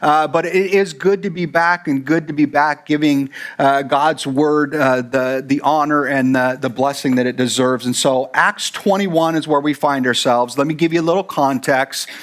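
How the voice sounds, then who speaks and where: A man's voice: on the high side, fairly even intonation, normal speed, few pauses, fairly bright tone. A man preaching a sermon as pastor, talking conversationally with rambling fillers and asides. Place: church.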